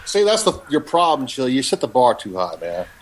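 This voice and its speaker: Laid-back guy on a game podcast, animated pitch, teasing his buddies, kinda off-mic. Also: brisk, noisy background. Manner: teasing, easygoing. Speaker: podcast co-host. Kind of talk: casual gaming chat.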